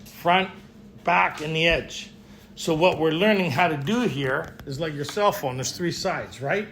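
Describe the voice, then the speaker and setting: An unhurried man with a high-leaning, fairly bright voice talks casually to a group at a men's retreat. He's there as a recovery speaker, regularly checking in with his listeners, with faint room ambience and noise in the recording.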